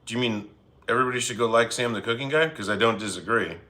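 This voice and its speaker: A man hosting a casual cooking livestream from his home kitchen, chatty and laid-back, with quick apologetic asides as he reads chat. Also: mid-range voice, bright, forceful tone.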